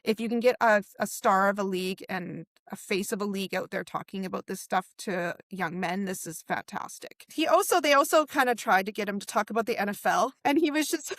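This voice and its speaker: A woman's voice: mid-range voice, brisk, dry recording, clean studio sound. Enthusiastic woman chatting about football. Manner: animated, enthusiastic, quotes people in her own voice. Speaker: podcast co-host. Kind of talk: casual sports chat.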